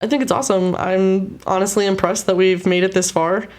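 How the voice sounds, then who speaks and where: A woman co-hosts a casual podcast chat, relaxed and a little hesitant, and she laughs easily. Her voice sits at a middle pitch. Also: brisk. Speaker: podcast co-host.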